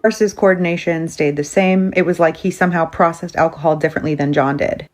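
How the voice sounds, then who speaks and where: Female storyteller, lower voice, brisk conversational retelling, quotes people as she goes. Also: fairly even intonation.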